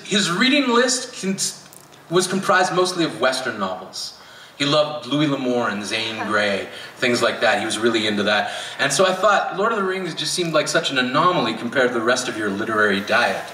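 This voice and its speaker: A man's voice: medium pitch, bright, forceful tone, reverberant, recorded from a distance, slight background noise, rough recording. A man from Canada, a spoken word poet telling a wry story to a live audience and chuckling as he goes. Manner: wry, laughing as he tells it. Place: outdoor amphitheatre.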